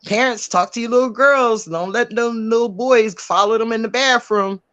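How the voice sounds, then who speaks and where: A woman's voice: fairly high pitch, moderate pace, fairly bright tone, highs cut off. A woman speaking bluntly and emphatically on a livestream panel, repeating her points for effect. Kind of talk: heated livestream chat.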